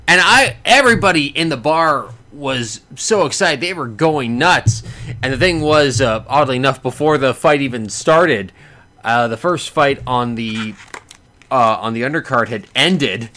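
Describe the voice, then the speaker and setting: Casting: ordinary-voiced man, excitable casual fight recap, lots of fillers. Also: mid-range voice, unhurried. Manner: rambling, many fillers and restarts, excitable. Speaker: boxing fan reviewing a fight.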